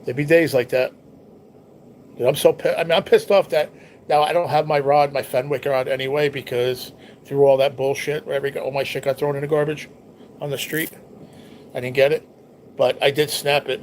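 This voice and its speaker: A man's voice: fairly high pitch, a little hiss or hum. A young man hosting a casual live stream at home, reading viewer comments and chatting in a laid-back, teasing way with plenty of swearing.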